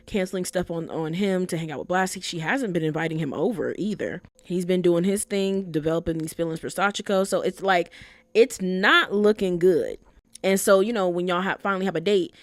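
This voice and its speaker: A woman's voice: lowish voice, no room sound. A young woman giving casual, opinionated commentary on an anime, slangy and swearing freely.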